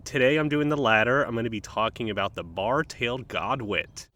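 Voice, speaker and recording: A podcast host records a casual nature episode outdoors beside calm water in a park, rambling in a laid-back way with frequent ums and uhs. His voice is medium-pitched and fairly quick.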